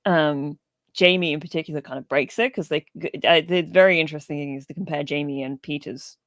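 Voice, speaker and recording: A woman's voice: low voice, fairly even intonation, a little fast, fairly bright tone, no echo. A woman co-hosting a podcast, chatting casually and rambling about films, laughing often and swearing now and then. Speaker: podcast co-host.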